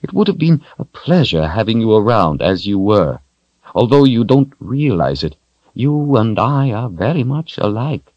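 A man's voice: on the low side, sing-song, a little slow, a little mellow, dry recording, muffled recording, pitched above the performer's own voice. A man voicing a cold, smug, menacing male sorcerer who speaks in a silky, mocking way.

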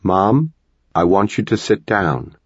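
A man voicing a calm, determined teenage boy in an audiobook. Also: low voice, takes it slowly, husky, no room sound, highs cut off, full character voice.

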